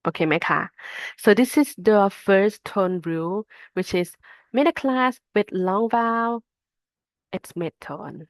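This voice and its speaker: A woman's voice: mid-range voice, lively intonation, dry recording. A woman with a Thai accent, a native Thai speaker, teaching an online Thai lesson and sounding out syllables one by one. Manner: slow, patient explaining, sounding out syllables one by one. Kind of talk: self-paced online lesson.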